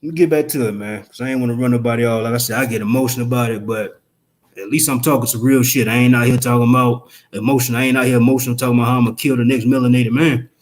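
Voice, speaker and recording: A man ranting on a casual live stream, profane and emphatic, firing off rhetorical questions in quick rambling bursts. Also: medium pitch, steady tone. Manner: fast rambling outbursts.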